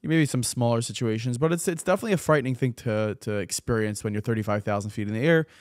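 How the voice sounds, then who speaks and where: Talking fast in a mid-range voice, a man hosts a laid-back podcast and shares news stories conversationally. Repeated words crop up often as he gathers his thoughts. The sound is dry and of studio quality.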